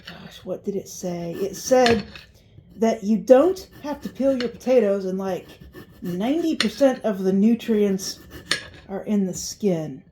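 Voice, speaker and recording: A woman's voice: medium pitch, lively intonation, measured pace, dark tone, slight background noise. Chatty middle-aged woman cooking at home. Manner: chatty, folksy, reminiscing asides. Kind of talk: casual cooking vlog. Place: home kitchen.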